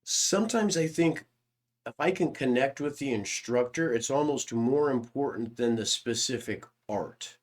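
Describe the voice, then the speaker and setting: A male podcast host musing aloud to his guest. He speaks at a middle pitch, thoughtful and unhurried, stumbling over a word now and then. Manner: reflective, with halting repeats. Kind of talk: casual interview chat.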